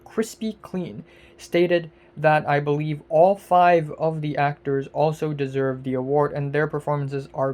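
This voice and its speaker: A woman vlogger delivering an angry, profane rant, exasperated, with repeated words and bursts of loudness. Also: low-pitched.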